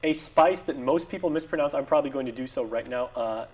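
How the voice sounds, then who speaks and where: A man's voice: medium pitch, fast talker, a little mellow, slightly rough, low-quality recording. A man hosting a local TV health segment, chatty and joking, with many fillers. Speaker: TV host. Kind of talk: casual TV interview. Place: TV studio.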